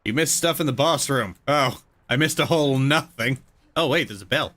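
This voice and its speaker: A man's voice: mid-range voice, moderate pace, fairly bright tone. A man casually commenting as he streams a video game, joking and swearing loosely.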